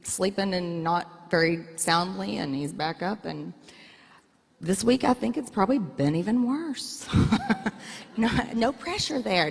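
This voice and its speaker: A woman's voice: lowish voice, gravelly, breathy edge. A middle-aged woman telling candid, self-mocking stories as a guest in an onstage interview. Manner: blunt, self-mocking, animated storytelling. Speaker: guest speaker. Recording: long hall reverb.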